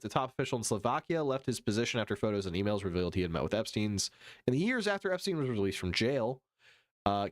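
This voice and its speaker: A man live-streaming, reading news haltingly and riffing profanely with his chat. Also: lowish voice, dry recording, clean studio sound. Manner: profane, reads chat aloud and riffs; reads news text haltingly with fillers.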